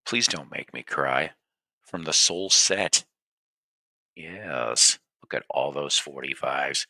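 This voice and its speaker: A man's voice: extremely low pitch, slow pace, vocal fry, pushed and bright, no echo. A man hosting a record show, chatting casually between songs and rambling with restarts.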